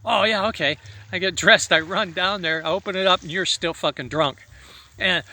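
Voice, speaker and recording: A man's voice: high-pitched, moderate pace, bright, forceful tone. A middle-aged man in a rambling personal monologue, swearing freely as he talks to an absent friend about old times. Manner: profane, reminiscing, addresses an absent friend. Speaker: vlogger.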